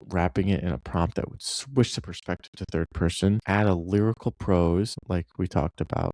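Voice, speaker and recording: Low-voiced man reading a story aloud. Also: moderate pace, darkish tone, dry recording. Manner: conversational, loose asides between read passages. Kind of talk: reading aloud with casual commentary.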